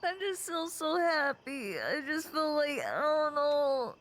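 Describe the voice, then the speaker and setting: Young woman, high voice, live streamer, casual chat, emotional, near tears, rambling. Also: expressive, slow, a bit bright. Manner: rambling, repeats herself.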